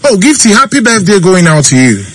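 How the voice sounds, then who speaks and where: A man with a Ghanaian accent hosting a call-in birthday show on radio, talking lively and mixing Twi and English. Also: high-pitched, a little fast. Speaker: radio host. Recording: noisy radio broadcast.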